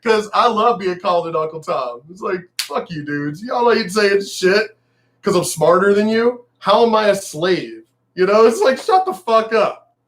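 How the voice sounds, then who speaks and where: Male vlogger, high voice, angry swearing rant, mocking and emphatic. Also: lively intonation, unhurried. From El Paso, Texas. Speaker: vlogger ranting on news. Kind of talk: profane political rant.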